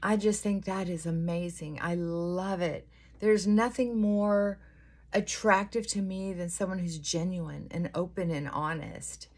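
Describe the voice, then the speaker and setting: A woman's voice: lowish voice, steady tone, unhurried, darkish tone. A middle-aged woman chatting earnestly and giving advice while doing her makeup.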